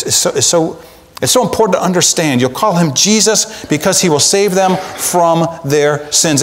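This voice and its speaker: A man preaching a sermon as pastor, in an animated, conversational way with acted asides, in a church sanctuary. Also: on the high side. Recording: long church reverb.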